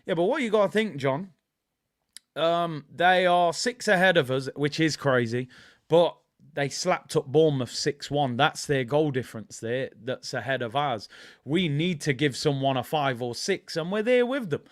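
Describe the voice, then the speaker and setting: A man from England hosting a casual football watchalong stream, chatty and excitable, rambling with lots of fillers. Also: fairly high pitch, normal speed. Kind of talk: casual live-stream chat.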